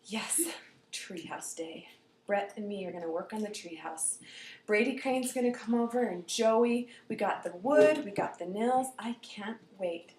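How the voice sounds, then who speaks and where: A woman telling a personal story aloud in an animated way, dropping to whispers and rising to loud outbursts. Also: medium pitch, normal speed, roomy sound, a little hiss or hum.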